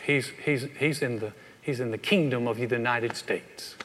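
Folksy pastor in an echoey hall. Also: male voice, mid-range voice, normal speed, a bit bright. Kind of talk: humorous sermon. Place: large church sanctuary. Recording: echoey hall with long reverb.

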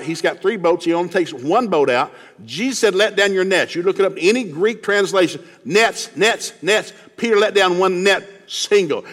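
A man from East Tennessee with a Southern accent, preaching a sermon in a folksy, animated storytelling way, acting out Bible characters with shouted lines. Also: high-pitched. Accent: Southern American. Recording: long hall reverb.

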